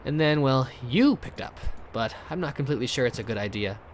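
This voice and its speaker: A man voicing a lonely, warm-hearted older male innkeeper in a video game, with a put-on foreign accent and a halting, earnest delivery. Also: medium pitch, animated, a little hiss or hum, close to an everyday voice. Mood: wistful.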